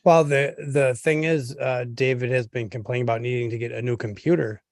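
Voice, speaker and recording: A man's voice: mid-range voice, steady tone, fairly quick, gravelly, no room sound. Wry co-host guy, dry quips, super dead close sound. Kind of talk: casual chat.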